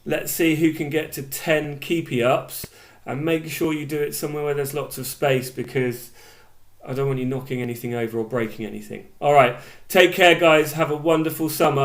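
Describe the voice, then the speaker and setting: A man's voice: on the high side, steady tone, normal speed. A man who is a primary school teacher, speaking in an upbeat, enthusiastic way straight to his future pupils in a welcome video.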